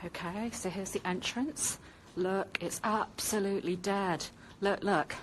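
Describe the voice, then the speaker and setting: A woman's voice: medium pitch, fairly even intonation, measured pace, slight background noise. A woman films on a handheld phone while walking through empty hospital corridors, indignant and urging viewers to look. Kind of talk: handheld walk-through video rant.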